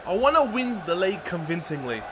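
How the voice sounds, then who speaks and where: A young man giving excited, chatty commentary over his own football video game match, shouting at the big moments. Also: high voice, brisk. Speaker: gaming YouTuber. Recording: audible background noise.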